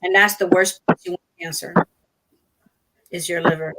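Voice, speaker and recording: A middle-aged woman in casual chat on a stream panel, talking softly and haltingly with many fillers. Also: lowish voice, very animated, vocal fry, rough recording.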